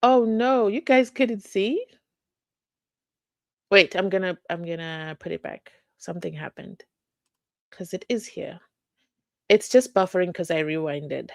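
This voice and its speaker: A woman's voice: on the low side, a little slow, creaky, long pauses, no echo. A woman from South Africa hosting a casual livestream, reading viewer comments and reacting with bursts of song and playful asides. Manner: animated, sings snippets, reads viewer comments aloud. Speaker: livestream host.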